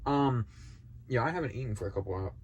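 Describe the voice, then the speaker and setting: A man's voice: mid-range voice, animated, quick pace, highs cut off, a little hiss or hum. A man hosting a reaction video, sounding tired and yawning, talking hesitantly with sighs and trailing sentences. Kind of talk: casual reaction commentary.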